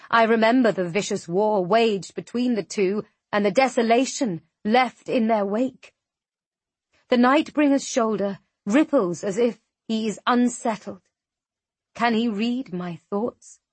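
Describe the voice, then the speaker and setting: A woman narrating a fantasy audiobook in the first person, measured and tense. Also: on the high side, no echo.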